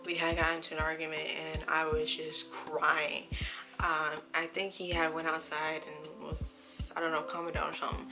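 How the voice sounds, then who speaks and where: A young woman vlogger softly retelling a hard personal time, halting and emotional, with many fillers. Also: sits low. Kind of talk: personal storytelling vlog.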